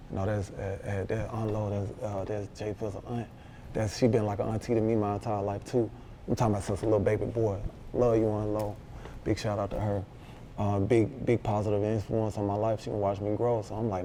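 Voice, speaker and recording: A man with a Memphis accent, a rapper telling a story in a casual interview, animated and full of slang, acting out what others said. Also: fairly low pitch, moderate pace, a little hiss or hum. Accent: Southern US, Memphis. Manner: animated, slangy, acts out quoted dialogue. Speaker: rapper guest.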